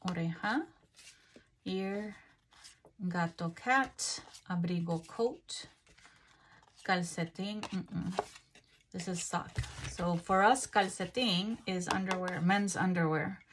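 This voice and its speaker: A woman's voice: lowish voice, slow pace, noisy background. A woman from Rico, chatting casually as she unwraps and reads out craft haul items. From Puerto Rico. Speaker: craft channel host.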